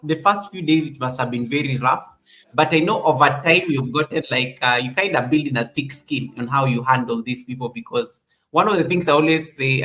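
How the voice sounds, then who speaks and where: A man hosting a podcast interview, asking long, halting questions that restart over and over. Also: fairly high pitch, sharp tone, rough recording. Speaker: podcast host.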